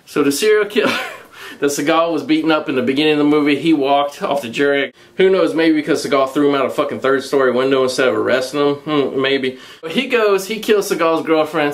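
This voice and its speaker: A man giving a casual, profanity-laden movie review, recounting the plot in a crude, mocking, animated way and laughing along. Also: fairly high pitch.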